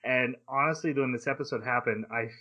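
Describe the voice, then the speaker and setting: A man's voice: medium pitch, fast, bright, forceful tone, dull audio. Man recapping a story on a podcast. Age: adult. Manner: recaps the plot at length with fillers and playful paraphrased quotes. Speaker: podcast host. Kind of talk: casual anime discussion podcast.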